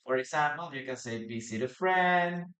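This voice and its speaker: A man's voice: a little high, normal speed, a bit bright. A man teaching a live online English lesson, patiently repeating words and quizzing his viewers in the chat. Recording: roomy echo.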